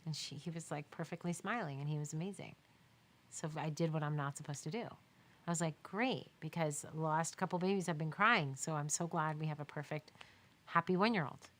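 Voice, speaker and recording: Speaking a little fast in a low, fairly bright voice, a woman who photographs newborns and babies fields viewer questions during a laid-back live Q&A. Her storytelling is emphatic and chatty, full of laughter and quoted lines.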